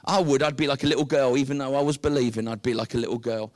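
A British man preaching a sermon, telling the story with lively, acted-out dialogue. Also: mid-range voice, fast, no room sound, clean studio sound. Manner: animated storytelling, acting out the characters.

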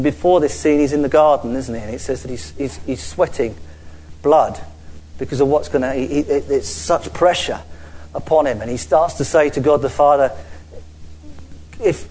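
A man preaching a sermon to a church audience, earnest and halting, restarting and repeating words, and slowing down to stress key phrases. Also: mid-range voice, a little mellow, rough recording. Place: church gathering with a screen before an audience.

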